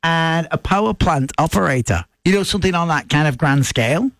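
A man's voice: on the high side, animated, fairly bright tone, dry recording, faint music behind. English guy on the radio, chatty and playful, voice jumps all over, dry studio sound. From England. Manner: chatty, playful, does quick impressions. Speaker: radio co-host. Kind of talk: casual radio chat.

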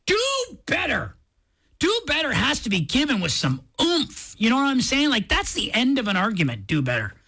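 Bubbly radio host lady, bouncy highish voice, joking around. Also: fairly quick, hardly any pauses, slightly rough. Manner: animated, playful. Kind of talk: casual radio chat.

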